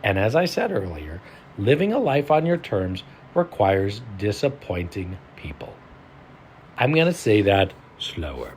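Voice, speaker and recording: A man giving a motivational coaching talk as a mindset and self-leadership coach, with an animated delivery full of sudden loud stresses. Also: mid-range voice, a little slow, slight background noise.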